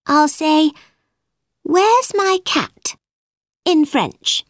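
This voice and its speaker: A woman's voice: high voice, animated, very slow, no echo, studio quality, voice pushed up, full character voice. A woman voicing a polite, curious young girl in a storybook reading, who chatters on and keeps apologising. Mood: musing.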